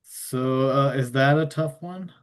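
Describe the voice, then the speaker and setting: A man hosts the interview, asking casual questions that trip and restart along the way. He laughs lightly as he feels his way toward each point. His voice sits at an ordinary middle pitch. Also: slow, clean tone.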